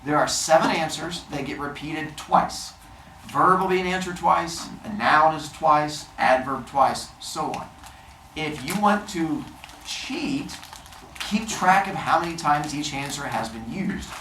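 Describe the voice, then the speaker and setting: A man's voice: on the high side, a little slow. Male teacher talking over a noisy classroom. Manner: dry, sarcastic asides; steady step-by-step explaining. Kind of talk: classroom instruction. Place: classroom full of seventh graders. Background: student chatter.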